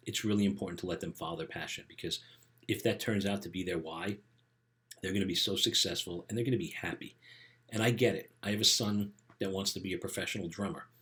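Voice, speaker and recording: Low-voiced middle-aged male coach. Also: a bit bright. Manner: conversational, tags sentences with "right?". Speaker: life coach for teens. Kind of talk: casual motivational talk to camera.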